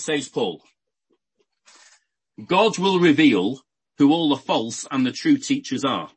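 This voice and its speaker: Husky-voiced man preaching a sermon. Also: mid-range voice, rough recording. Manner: unscripted Bible exposition with everyday examples, frequent restarts.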